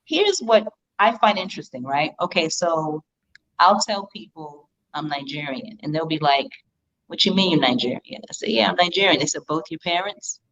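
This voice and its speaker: A woman guest in an interview, telling stories in an animated, emphatic way with frequent rhetorical asides. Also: low voice, normal speed, a little hiss or hum. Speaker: public relations professional, interview guest. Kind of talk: casual storytelling in an interview. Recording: dull lo-fi sound.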